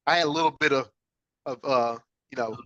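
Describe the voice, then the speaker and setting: Bright-voiced man telling a personal story. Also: mid-range voice, fairly quick, muffled recording. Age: adult father. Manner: earnest, reflective, frequent "right?" check-ins. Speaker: podcast host.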